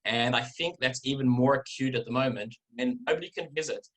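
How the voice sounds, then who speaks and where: A middle-aged man with an Australian accent, giving a relaxed talk as a guest speaker over a video call, often repeating words. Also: mid-range voice, brisk, low-quality recording. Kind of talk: informal talk with anecdotes.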